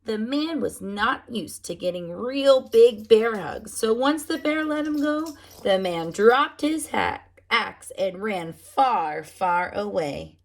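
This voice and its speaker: A woman preschool teacher reading picture books aloud to young children, animated and often asking them questions. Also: on the high side, slow pace, few pauses. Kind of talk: storybook read-aloud for children.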